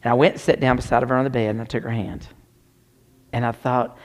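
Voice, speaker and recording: A man's voice: medium pitch, fast. A man preaching a sermon, telling a personal story with dramatic shifts down to near whispers. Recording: long hall reverb.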